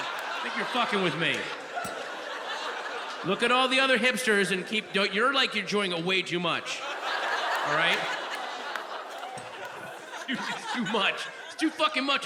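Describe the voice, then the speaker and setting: High-voiced ranting stand-up comic, crowd noise. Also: male voice, long reverb tail. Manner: profane, ranting, shouts at the audience. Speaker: stand-up comedian. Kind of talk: live stand-up set. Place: comedy club stage with live audience. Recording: live club recording, crowd and room noise.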